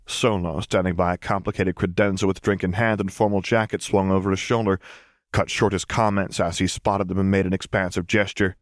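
A man reading fan fiction aloud as an audiobook narrator, in a steady, measured way. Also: deep voice, no echo, studio quality. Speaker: audiobook reader.

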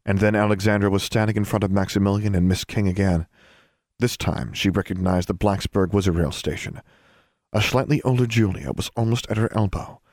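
A man narrating a fan fiction story as an audiobook, with steady, even storytelling. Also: fairly low pitch, dry recording, studio quality.

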